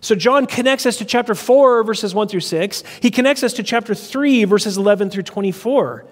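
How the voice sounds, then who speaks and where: A male pastor with a notably high voice delivers a verse-by-verse sermon in a church sanctuary. He teaches methodically, often repeating key phrases to drive them home. His voice rings out with a long hall reverb. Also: normal speed. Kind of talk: expository sermon.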